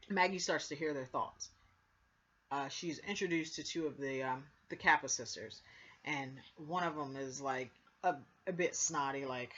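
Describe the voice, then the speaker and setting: A woman's voice: low voice, a bit bright. A woman casually recapping a TV episode, rambling with lots of fillers and acting out what characters said. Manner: rambling, filler-heavy retelling, acting out quotes. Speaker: TV show reviewer. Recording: dull lo-fi recording.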